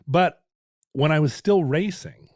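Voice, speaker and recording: A man's voice: on the high side, a little slow, a little mellow, no echo, clean studio sound. A man from Alaska, co-hosting a podcast and telling rambling, self-deprecating stories in casual chat. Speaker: podcast co-host.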